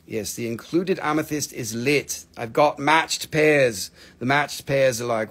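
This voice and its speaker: A man hosting a live stream selling crystals, with a playful, jokey, rambling way of talking and drawn-out excited exclamations. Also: medium pitch, slightly rough. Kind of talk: casual live sales stream.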